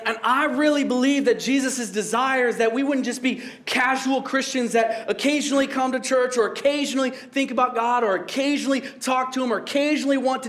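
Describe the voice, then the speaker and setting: A young man preaching in a casual, joking tone, often breaking into laughter at his own lines. His voice sits high for a man, and he keeps the sermon light and conversational. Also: a bit bright. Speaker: pastor.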